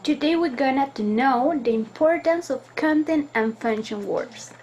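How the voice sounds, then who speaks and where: Female student presenter, fairly high voice, very slow and careful delivery, faint noise behind. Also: darkish tone, rough recording. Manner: careful, explanatory reading. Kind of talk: recorded class presentation.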